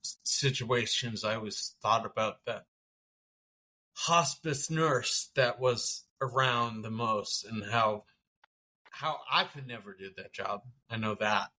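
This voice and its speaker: A man, a podcast guest, telling a personal story in a halting, conversational way with many restarts and fillers. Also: on the low side, bright, forceful tone.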